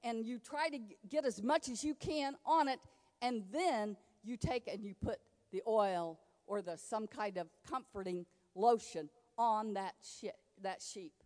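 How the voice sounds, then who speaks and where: A woman's voice: a little high, unhurried, darkish tone. Emphatic woman preaching in a reverberant church. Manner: emphatic, folksy preaching with quoted dialogue. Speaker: pastor. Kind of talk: sermon. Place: church sanctuary.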